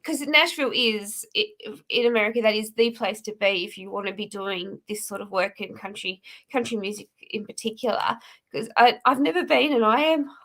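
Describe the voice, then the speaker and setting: Bright-voiced woman host on a video call. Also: mid-range voice, moderate pace. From Australia. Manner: encouraging, frequent agreeing backchannels. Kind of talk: casual interview chat.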